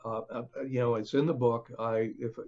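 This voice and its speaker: An older man, a book author, speaking as a podcast guest in a halting, conversational way with many fillers and restarts. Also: medium pitch, level tone, darkish tone, lo-fi sound, a little hiss or hum. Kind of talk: conversational interview.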